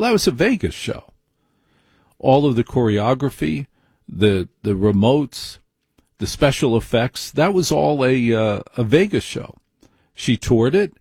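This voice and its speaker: Middle-aged man, husky voice, blunt and wry commentary, dry close mic. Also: medium pitch, a little mellow, dry recording. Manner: blunt, wry, rambling asides. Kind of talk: opinionated monologue.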